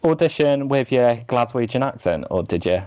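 Enthusiastic interviewer, lively pitch. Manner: enthusiastic, quick affirmations. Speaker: interviewer, host. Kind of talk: casual interview chat. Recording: dull lo-fi sound.

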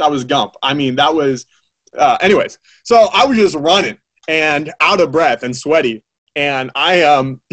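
A man preaching a sermon, telling his own story in a lively way and acting out the voices of the people he quotes. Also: a little high. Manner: animated, acts out quoted voices, many fillers. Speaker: preacher giving his testimony.

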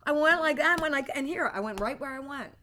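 An older woman teaching a prophetic training class, telling a personal story and acting out her old thoughts with bursts of loud feeling. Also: high-pitched, quick pace, slight background noise. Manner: animated storyteller, acts out her own past thoughts loudly. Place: classroom with students.

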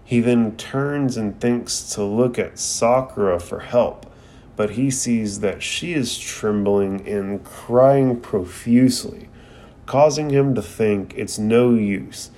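A man's voice: medium pitch, slow pace, mellow. A man casually recapping and reviewing an anime episode, rambling and profane with lots of "like".

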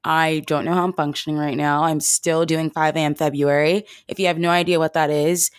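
Young woman hosting a podcast, deep groggy morning voice, chatty, dry close sound. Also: little pitch movement, a little fast, clear, resonant tone, dry recording. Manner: chatty, upbeat, self-deprecating. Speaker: podcast host. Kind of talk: casual podcast intro.

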